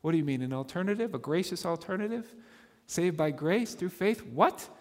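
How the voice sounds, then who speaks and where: A man's voice: sits high, expressive, moderate pace, big-room sound. A man preaching voices a group of self-righteous religious law keepers, scoffing in an exaggerated, mocking way. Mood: indignant scoffing.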